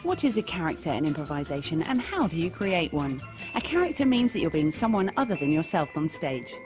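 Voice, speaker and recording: A woman's voice: deep voice, brisk, music in the background. A woman giving a playful, scripted lesson on improv comedy. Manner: playful, lively, jumps into character voices. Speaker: improv teacher. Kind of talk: scripted instructional narration.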